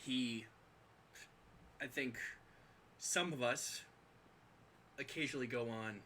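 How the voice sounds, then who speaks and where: A man narrating as game master of a tabletop game, speaking in a halting way full of pauses and ums. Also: medium pitch, sharp tone, a little hiss or hum.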